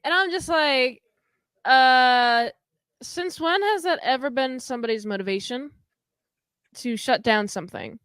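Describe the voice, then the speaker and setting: Woman, podcast co-host, casual movie chat, high smooth voice, animated, dry recording. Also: unhurried, no room sound. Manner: animated, acts out scenes in quoted voices.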